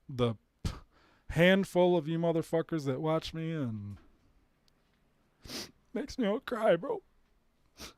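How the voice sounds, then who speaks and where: A man's voice: mid-range voice, clear, resonant tone, no echo, studio quality. A man hosting his own live stream, ranting casually and bluntly with plenty of swearing and short laughs. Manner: profane, blunt, laughing asides.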